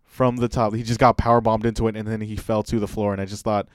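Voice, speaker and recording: A man's voice: fairly low pitch, fast, no echo. Rambling man on a dry close mic. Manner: rambling, animated, stumbles over words. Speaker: podcast co-host. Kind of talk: casual wrestling chat.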